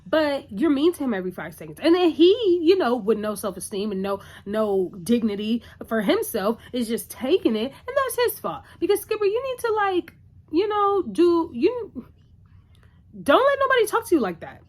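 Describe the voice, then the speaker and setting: A woman's voice: sits high, sing-song, normal speed. A woman recapping a TV episode in a casual, chatty, opinionated way, full of "like" and "you know".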